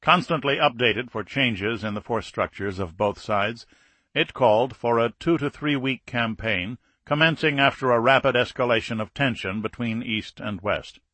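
A man narrating an audiobook thriller in a measured, scripted reading. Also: medium pitch, bright, forceful tone, no room sound.

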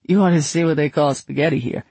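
A man's voice: fairly high pitch, quick pace, darkish tone, breathy edge, no room sound. A man voicing a homesick, talkative young man with a Bronx accent. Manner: eager, chatty and nostalgic.

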